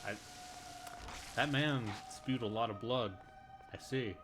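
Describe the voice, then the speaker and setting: A man's voice: mid-range voice, slow pace. A man streaming a video game, making dry, wry casual remarks. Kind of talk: casual gameplay commentary. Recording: game music playing behind.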